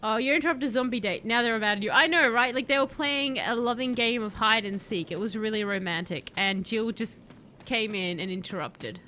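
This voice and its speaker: Female streamer, playful and chatty, slightly high voice, light noise floor. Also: a little fast. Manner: playful, chatty, bursts into excited shouting. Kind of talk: live game commentary. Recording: faint background noise.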